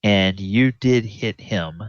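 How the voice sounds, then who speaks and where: A very deep, unhurried man guiding a tabletop session as dungeon master. He talks in halting bits, full of fillers and restarts. The sound is dry and muffled, like a lo-fi call. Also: no room sound. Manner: hesitant, many fillers and restarts. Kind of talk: running a tabletop game, casual.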